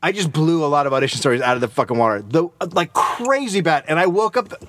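A man's voice: fairly high pitch, fast, no room sound. A man telling a comedic story in casual podcast banter, swearing and acting out the voices in it. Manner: animated storytelling, swearing, acting out his own voice.

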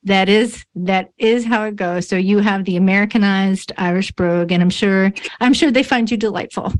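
A woman's voice: medium pitch, moderate pace. Chatty, bubbly woman host. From New York State, USA. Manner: bubbly, chatty, self-mocking. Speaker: podcast host. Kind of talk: casual interview chat.

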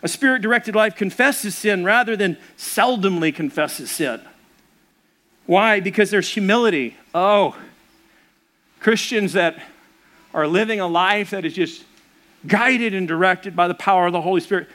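High-voiced preaching man. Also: normal speed, fairly bright tone. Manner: conversational preaching with personal stories. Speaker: pastor. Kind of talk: sermon.

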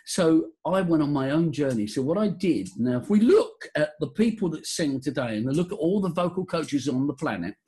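A man's voice: on the high side, moderate pace, few pauses, slightly rough. An older man, a vocal coach, telling stories animatedly in a casual interview, often restarting his sentences. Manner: animated storyteller, voices quotes, frequent restarts.

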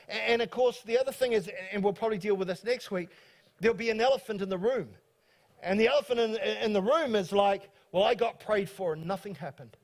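A man pastor hosting a church talk from the stage, speaking quickly and excitably with many stumbling restarts. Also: high-pitched. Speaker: pastor and host. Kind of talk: church talk introducing guests.

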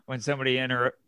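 Animated young man telling a comedy story. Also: clean tone, dry recording. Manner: animated, jumps up in pitch to act out quoted people, many fillers and restarts. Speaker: comedian and podcast co-host. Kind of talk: casual podcast storytelling.

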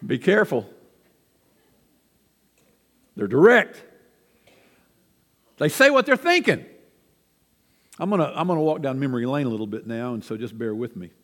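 A man's voice: mid-range voice, animated, moderate pace, pauses often, a bit bright, long reverb tail. An older man preaching a sermon, telling folksy, self-deprecating family stories from the pulpit in a church. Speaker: pastor. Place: church sanctuary.

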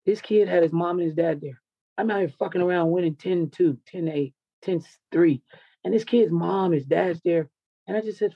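A man's voice: high-pitched, steady tone, brisk, gravelly, no echo, dull audio. A man who coaches wrestling tells a raw personal story in an interview, intense, confessional and full of swearing.

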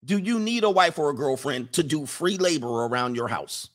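A man's voice: a little high, animated, moderate pace, a bit bright. A man hosting a livestream, lecturing viewers in an emphatic, mocking way and reeling off long lists. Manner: emphatic, preachy, list-making, mocking. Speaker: livestream host. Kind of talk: casual advice monologue to viewers.

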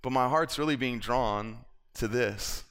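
A man's voice: mid-range voice, unhurried, a bit bright, smooth. A man preaching, telling a personal story with acted-out quotes and laughter. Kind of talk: sermon storytelling. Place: church.

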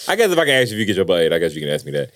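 A man's voice: lowish voice, rapid-fire, creaky, no room sound, studio quality. A man in his thirties co-hosting a podcast, joking and swearing freely in casual chat. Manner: animated, jokey, swears freely. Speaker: podcast co-host.

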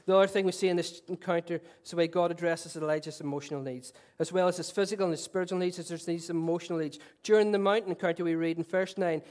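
A middle-aged man preaching a sermon, earnest and swinging between loud declarations and soft, tender passages, with self-deprecating humour. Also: sits high, steady tone, quick pace, few pauses. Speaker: pastor.

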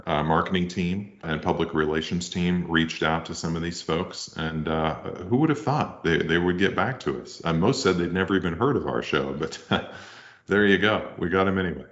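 A man co-hosts a comedy podcast with a low voice. He makes hesitant, mock-grand introductions. The audio is a bit dull and lo-fi. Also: normal speed, a bit bright. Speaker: podcast co-host. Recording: slightly muffled lo-fi audio.

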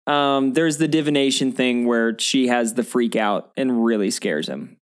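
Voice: medium pitch, unhurried, clear, resonant tone. Laid-back co-host in slangy podcast banter. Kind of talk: casual chat.

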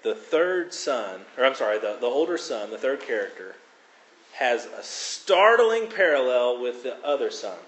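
A man preaching a sermon, expounding on scripture with expressive emphasis and dramatic quotes. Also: mid-range voice, unhurried. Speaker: pastor. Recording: echoey room.

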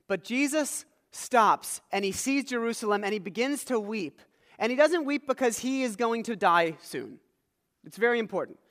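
A pastor preaches in a church sanctuary, his voice sitting high for a man. Loud, stressed points give way to quiet, low asides, and the large hall leaves a long reverb behind every phrase.

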